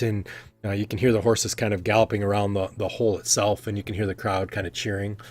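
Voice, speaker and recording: A man's voice: lowish voice, little pitch movement, fast, no echo. A man narrating as game master in a loose, rambling way with many fillers. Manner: loose, full of fillers and hedging "kinda".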